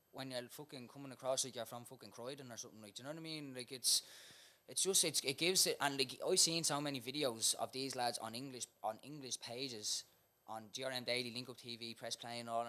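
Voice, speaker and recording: A man, a rapper guest, in casual chat, blunt and sweary, often trailing off quietly. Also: medium pitch. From Ireland.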